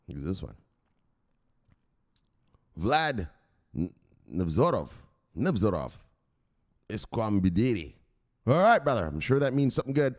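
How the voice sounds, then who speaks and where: An American man hosts a crypto news vlog in a loose, rowdy style. His voice leaps all over the place in pitch as he jokes, laughs and shouts catchphrases at his viewers. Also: wildly swooping pitch, normal speed, pauses often. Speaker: crypto news channel host. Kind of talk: casual livestream-style vlog chat.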